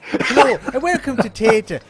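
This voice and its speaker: A man putting on an exaggerated Irish accent to play a male theatre telephone greeter, loud and sing-song. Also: extremely high pitch, lively intonation, normal speed, over music, voice pushed up. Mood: mock-cheerful. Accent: put-on Irish. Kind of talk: comic impression among friends.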